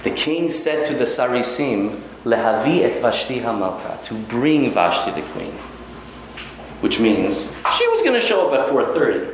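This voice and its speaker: A man teaching Talmud in an animated, storytelling way, his pitch leaping up and down as he drives each point home. He mixes in Hebrew quotations. The sound is very echoey, with a faint hum of ambient noise behind him. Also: normal speed. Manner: lively storytelling with Hebrew quotes and acted asides. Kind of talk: animated Torah lecture.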